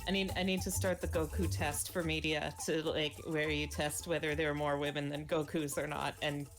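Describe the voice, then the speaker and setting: A woman chatting casually on a stream, wry and quick to laugh. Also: deep voice, flat delivery. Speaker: streamer co-host. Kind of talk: casual chat. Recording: music playing behind.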